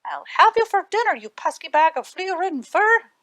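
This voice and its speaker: A sly, bossy little leprechaun man, as a woman reading aloud puts him on. His voice sits high and leaps around a lot, sharp and loud. It sounds dry and close. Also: very animated, moderate pace, no room sound. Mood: pleading, scolding, sly. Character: small male leprechaun, sly and firm.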